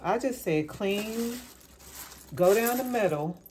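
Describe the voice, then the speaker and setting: A woman's voice: medium pitch, expressive, takes it slowly, background noise. A woman vlogging casually as she cooks in her home kitchen. She rambles as she talks and repeats words for emphasis. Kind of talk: casual cooking vlog chat.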